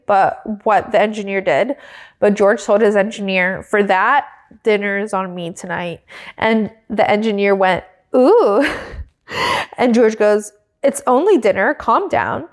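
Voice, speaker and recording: A woman co-hosting a podcast, recapping in a casual, chatty way and filling her talk with "like", now and then giggling. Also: a little high. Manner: chatty, peppered with "like", breaks into giggles. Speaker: podcast co-host.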